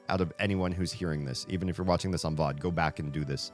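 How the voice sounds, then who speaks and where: A man's voice: low voice, fast, soft background music. A man streaming live and chatting casually with viewers, rambling, with many "like" fillers.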